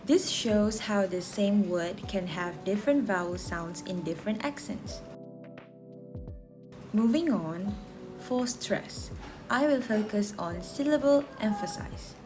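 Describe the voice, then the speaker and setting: A woman student from Malaysia reading a class presentation aloud in a slow, careful, deliberate way. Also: mid-range voice, music in the background.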